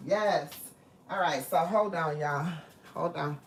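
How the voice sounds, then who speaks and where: A low-voiced woman hosts a casual live cooking stream from her home kitchen, speaking slowly and calling viewers "baby" and "y'all." She talks loosely and personally while moving around the room, over a faint hiss.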